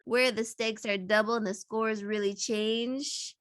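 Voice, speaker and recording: A woman's voice: on the high side, steady tone, unhurried, fairly bright tone, no echo. A woman reading a cocky, wisecracking male cop hero in a casual script read, playful and laughing. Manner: reads playfully, laughing between lines.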